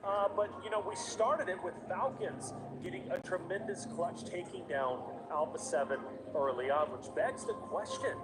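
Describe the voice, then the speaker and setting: A man's fairly high voice delivers live esports commentary in quick, energetic bursts of analysis. A steady hiss of noise sits under the broadcast feed. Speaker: esports caster.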